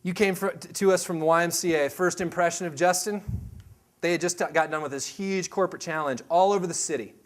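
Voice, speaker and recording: A man in his thirties leading a staff meeting, telling a personal story in a loose, animated way and acting out other people's voices. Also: on the high side, a little fast. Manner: loose and rambling, many fillers and restarts. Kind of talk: storytelling talk to a team meeting.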